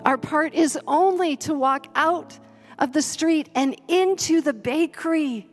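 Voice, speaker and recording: A woman pastor preaching a sermon slowly and earnestly, then leading her congregation through a prayer. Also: high voice. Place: church sanctuary. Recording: long hall reverb, soft music behind.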